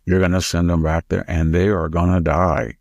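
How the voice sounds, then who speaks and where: A man's voice: deep voice, flat delivery, moderate pace, gravelly, darkish tone, dry recording, lo-fi sound. An American man in his seventies, a historian hosting a political talk show, speaking emphatically and mocking others with raised quoted voices. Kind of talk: political commentary conversation.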